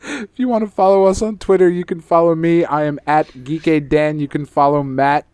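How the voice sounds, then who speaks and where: A man's voice: on the high side, fairly even intonation, moderate pace, darkish tone, clear, resonant tone, no echo. A man hosting a podcast in casual chat, rambling and swearing freely. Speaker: podcast host.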